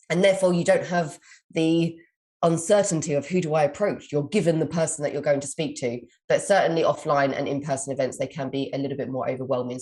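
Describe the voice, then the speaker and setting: A woman's voice: sits low, a little mellow. A British woman in her young adult years, a communication coach answering listener questions in a live Q&A, reading each question aloud and then giving long, encouraging advice.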